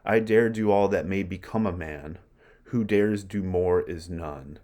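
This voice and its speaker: A man reading aloud as a torn, wavering nobleman, slow and measured. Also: deep voice, darkish tone. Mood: hesitant.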